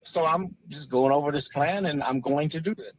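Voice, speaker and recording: Earnest man in his forties, halting delivery. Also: a little high, slight background noise, low-quality recording. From Chicago area. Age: 40s. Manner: earnest, halting, many restarts. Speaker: podcast guest, former police officer. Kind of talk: personal story, casual talk.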